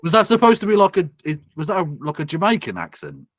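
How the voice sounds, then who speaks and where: A man's voice: sits high, huge pitch swings, quick pace, no echo, clean studio sound. A man co-hosting a casual livestream and reacting to clips, sweary and sardonic. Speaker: streamer reacting to a video.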